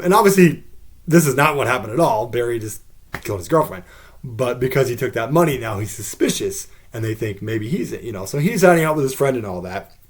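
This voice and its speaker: A man hosting a podcast, rambling through a casual TV recap with many fillers, jumping into high, excited bursts when he quotes characters. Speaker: podcast host.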